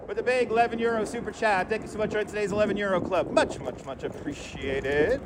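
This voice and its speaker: A man's voice: high-pitched, expressive, moderate pace. Chatty man streaming from a bike. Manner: chatty, greets viewers by name, loose and upbeat. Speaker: live-streaming bike vlogger. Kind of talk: casual live-stream chat while cycling. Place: outdoors riding a bike through city streets. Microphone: wireless clip-on mic. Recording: wind and traffic noise outdoors.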